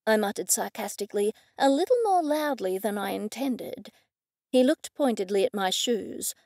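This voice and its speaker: Female audiobook narrator, lively first-person read, dry close sound. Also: mid-range voice, moderate pace, no echo.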